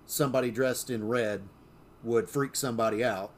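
A man of middle pitch co-hosts a casual podcast conversation. He tells stories loosely, full of "uh"s, "you know"s and restarts. A faint hiss sits under the recording. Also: steady tone, normal speed. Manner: storytelling, many fillers and restarts. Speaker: podcast co-host. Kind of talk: casual chat.

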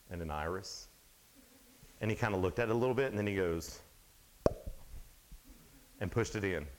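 Animated, casual man preaching to teens. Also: lowish voice, low-quality recording. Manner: animated storytelling, acts out Bible scenes; casual, filler-heavy talk with frequent "like". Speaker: youth speaker. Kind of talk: youth camp sermon.

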